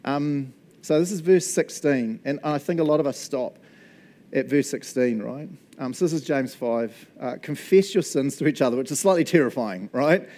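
In a dark, mid-range voice with lively intonation and a normal pace, a pastor gives an easygoing, enthusiastic sermon. He talks chattily with the congregation, laughs a lot, and keeps adding "eh?" and "right?".

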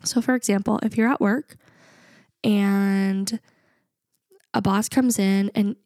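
A woman's voice: medium pitch, fairly even intonation, slow pace, darkish tone, dry recording, clean studio sound. A young adult woman co-hosting a podcast, talking in an earnest, reflective way and laughing often. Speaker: podcast co-host. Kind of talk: casual podcast chat.

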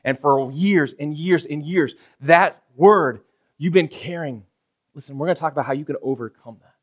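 At normal speed and in a fairly high, husky voice, a man preaches a casual, conversational sermon as pastor. He checks in with "right?" again and again and performs everyday scenes using quoted voices.

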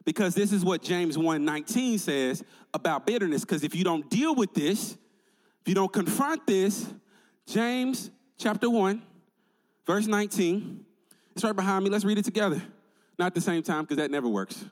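A male pastor preaching a sermon with energetic call-and-response to his congregation in a large church sanctuary. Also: high-pitched, normal speed. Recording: long reverb in a large church hall.

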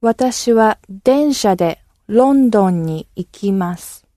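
A woman whose first language is Japanese repeats model phrases for learners, keeping her delivery level and even. Her voice is mellow and recorded dry and close. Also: medium pitch, normal speed, dry recording. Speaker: native speaker model.

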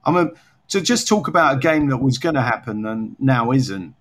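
A man co-hosting an unscripted chat, rambling and gently sarcastic about himself. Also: medium pitch, expressive, normal speed. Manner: rambling, self-mocking, slightly sarcastic. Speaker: podcast co-host.

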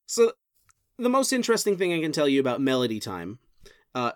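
Animated jokey podcast co-host, dry sound. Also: a little fast, dry recording. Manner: animated, jokey, pitch jumps up when excited. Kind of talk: casual chat about film history.

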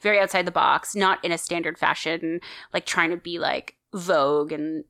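Woman podcast host, lowish voice, bright and forceful, dry close sound, chatty storytelling. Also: fairly even intonation, normal speed, vocal fry, no echo. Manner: chatty and enthusiastic, many fillers. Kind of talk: casual storytelling chat.

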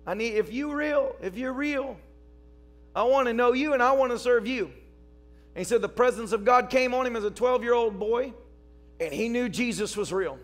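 A man preaching a sermon as pastor, telling stories and rising to shouts. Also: very high voice. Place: church service.

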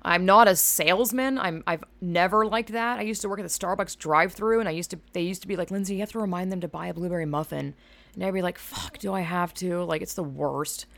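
A woman from Georgia, hosting her own podcast in a rambling, profane, self-mocking way, animated and loud. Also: on the low side, fast, vocal fry. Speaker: podcast host. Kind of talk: casual solo podcast monologue.

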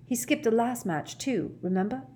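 A woman's voice: a little high, animated, moderate pace, dark tone, slight background noise, pitched above the performer's own voice, lightly acted. A woman voicing a frustrated teenage boy who speaks in an angry, clipped way.

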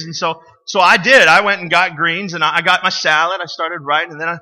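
Man, pastor, sermon, joking storyteller, very bright tone. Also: fairly high pitch, a little fast, hardly any pauses. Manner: conversational storytelling with humor, asks the congregation questions. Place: church sanctuary.

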